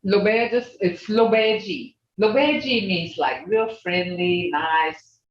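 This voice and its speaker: Older woman teaching slowly over a video call. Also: mid-range voice, distant mic. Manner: patient, repeats words slowly for learners. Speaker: language teacher. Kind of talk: online language class. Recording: roomy lo-fi video call audio from off-mic.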